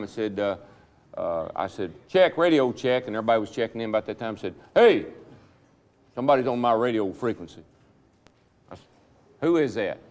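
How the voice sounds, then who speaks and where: A man telling racing anecdotes at a reunion, animated and laughing. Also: medium pitch. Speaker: retired stock car driver. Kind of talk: storytelling at a reunion panel.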